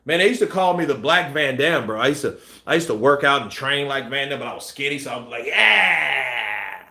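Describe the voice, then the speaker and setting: A man hosting a boxing news channel, chatting casually and acting out scenes with shouts and sound effects. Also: medium pitch, quick pace, roomy sound. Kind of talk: casual live-stream chat.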